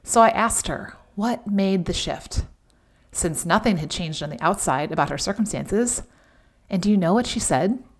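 A middle-aged woman hosting a devotional podcast in a chatty, emphatic way, with sudden animated outbursts. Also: medium pitch. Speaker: podcast host.

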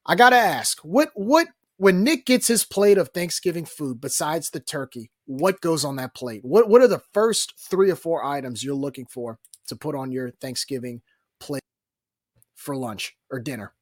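A man from New Orleans, co-hosting a casual sports podcast and telling stories in an animated, joking way. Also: on the high side, moderate pace, no room sound, clean studio sound. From New Orleans, Louisiana. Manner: animated, jokey storyteller. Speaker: podcast co-host.

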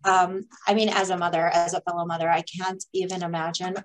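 A woman guest and mother responding thoughtfully and in a measured way in an interview. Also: on the low side, flat delivery, low-quality recording. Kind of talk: interview conversation.

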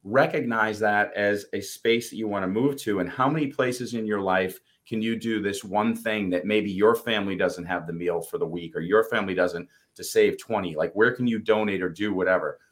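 Speaking at a normal speed with few pauses, a lowish-voiced man co-hosts a motivational podcast. He has a Boston accent and tells stories earnestly, keeping it casual with the odd curse.

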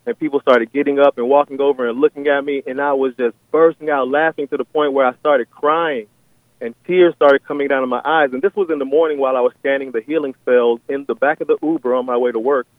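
Calling in to a radio show, a man with a mid-range voice hesitantly describes a vision, full of fillers and restarts. The phone line sounds tinny and dry, with no room sound.

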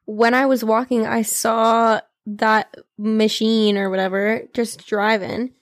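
A woman's voice: a little high, level tone, takes it slowly, no echo. A young woman co-hosting a podcast in casual chat, dry and teasing, laughing often. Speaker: podcast co-host.

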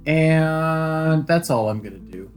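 A man playing a tabletop game, talking in a laid-back, halting way. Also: fairly high pitch, expressive, clean tone, faint music behind. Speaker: player. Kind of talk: casual game talk.

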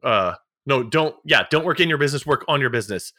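Emphatic, motivational man, bright dry voice. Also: mid-range voice, expressive, fast talker, no room sound. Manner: emphatic, motivational, repeats key phrases; a little sarcastic. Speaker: podcast co-host. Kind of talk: casual podcast chat.

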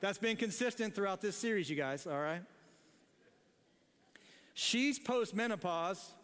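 A man's voice: high-pitched, animated, measured pace, fairly bright tone, long reverb tail. A man preaching a sermon as pastor in a church, in a casual, joking way, often laughing at his own lines. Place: church sanctuary.

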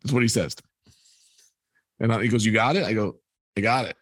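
A man's voice: fairly low pitch, a little fast, slightly rough, dry recording. A man, a guest telling a long personal story and acting out the people in it. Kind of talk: storytelling in a podcast conversation.

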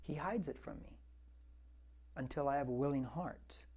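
A pastor in his sixties, his mid-range voice darkish with a breathy edge, preaches verse by verse at normal speed. His conversational delivery uses repeated words for emphasis and climbs to fervent exhortation.

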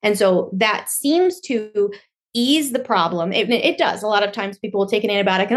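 A woman in her thirties, a podcast guest, explaining at length in a lively, conversational way and acting out quoted inner voices. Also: mid-range voice, moderate pace. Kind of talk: explanatory interview talk.

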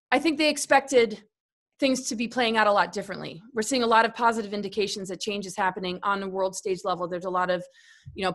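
A woman's voice: mid-range voice, fairly bright tone. A woman talking casually about spirituality as a guest in a conversation, earnest and rambling, often restarting and repeating words.

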